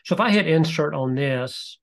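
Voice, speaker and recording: Man with a slightly high voice, demoing software on a webinar call, easygoing, explains step by step with plenty of ums. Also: normal speed, vocal fry. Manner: relaxed, explanatory, with frequent fillers. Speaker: presenter demonstrating e-learning software. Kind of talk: live webinar software demo.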